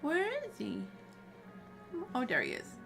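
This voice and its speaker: A woman's voice: mid-range voice, huge pitch swings, slow pace, creaky, over music. A woman playing through a cozy game on stream, chatting casually with her viewers. She reads the game's dialogue aloud between her own comments. Her tone is friendly and conversational.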